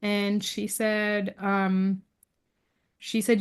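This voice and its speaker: This is a woman guest chatting through a personal story at an everyday mid pitch. She jumps into the quoted voices of the people she talks about and leans on fillers and quick restarts as she goes. Her voice sits in the middle of a woman's range. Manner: lively storyteller who acts out quoted dialogue; frequent fillers and restarts, laughs between lines. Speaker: podcast guest. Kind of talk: casual interview storytelling.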